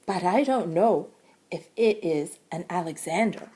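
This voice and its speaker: A woman's voice: lowish voice, expressive, a little slow, warm tone, slightly rough. A woman voicing a chatty, helpful butterfly. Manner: friendly, helpful advice-giving.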